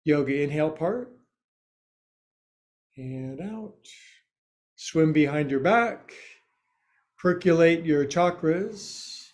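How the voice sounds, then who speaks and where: A man guiding a yoga class, giving slow cues with playful, quirky asides. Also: fairly high pitch, lively intonation, a little mellow. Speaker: yoga teacher.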